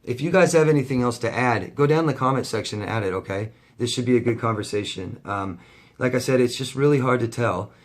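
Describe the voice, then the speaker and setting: A man's voice: mid-range voice, quick pace. Male coach, vlog rant to camera: blunt, profane, heated, repeats himself for emphasis. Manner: blunt, heavy swearing, heated and repetitive. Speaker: life coach.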